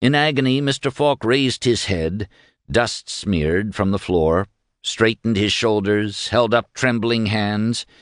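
A man narrating a novel as an audiobook reader, measured and expressive. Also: lowish voice, dry recording, clean studio sound. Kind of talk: scripted narration.

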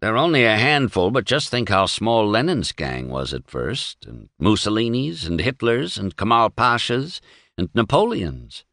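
A man's voice: lowish voice, big pitch swings, a little slow, creaky, fairly bright tone, no echo, studio quality, full character voice. A man playing a wry sardonic newspaperman.

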